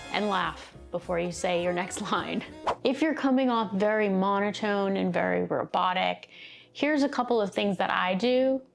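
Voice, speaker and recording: Seated indoors and filming herself, a woman coaches video creators in a casual talk to camera. Her mid-range voice is gravelly, and she laughs easily and gestures as she explains.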